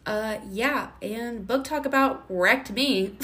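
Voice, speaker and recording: A woman's voice: a little high, slow, fairly bright tone. Blunt, opinionated young woman co-host. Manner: blunt, opinionated, laughs between remarks. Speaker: podcast co-host. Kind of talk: casual chat.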